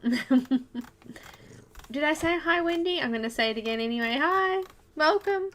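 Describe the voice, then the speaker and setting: A woman's voice: high voice, animated, moderate pace, fairly bright tone. A woman with an Australian accent hosting a casual live coloring stream, chatty and giggly, greeting viewers one by one by name.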